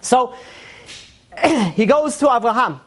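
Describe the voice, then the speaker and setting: A woman giving a religious lesson, telling stories in an animated way and acting out the quotes, with lots of repetition and fillers. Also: a little high. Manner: fast, repetitive speech with fillers. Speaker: Torah teacher.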